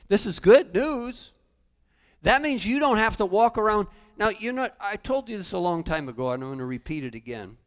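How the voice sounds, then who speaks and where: A male pastor preaching a sermon in a church sanctuary, animated, with humorous asides. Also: high-pitched, moderate pace. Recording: long church reverb.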